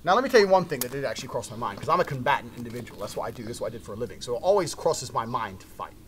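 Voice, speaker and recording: A man's voice: medium pitch, big pitch swings, rapid-fire, fairly bright tone, a little hiss or hum. A man from Britain telling a brash, profane story with heavy emphasis.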